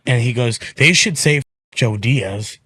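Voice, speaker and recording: A man's voice: mid-range voice, unhurried, breathy edge. A man, a stand-up comedian guesting on a podcast, telling stories in casual chat and acting out what other people said, swearing freely. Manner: animated, acts out quotes of others, swears freely.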